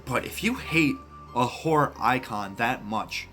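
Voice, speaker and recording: Blunt, excitable man ranking horror films. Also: medium pitch, a little slow, soft background music. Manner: blunt, excitable, swears often, many restarts. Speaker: movie reviewer. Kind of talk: casual film ranking monologue.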